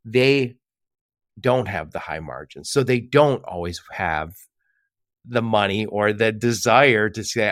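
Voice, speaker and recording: A male podcast host with a lowish voice talks in a chatty, storytelling way. He acts out quoted back-and-forths and laughs often, recorded dry and close. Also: slow, no room sound. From Michigan. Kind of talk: casual podcast conversation.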